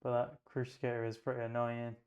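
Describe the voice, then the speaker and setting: A man's voice: medium pitch, completely flat delivery, quick pace, a little mellow. A man playing a tabletop wargame, thinking aloud as he moves models, measures ranges and rolls dice in casual play commentary.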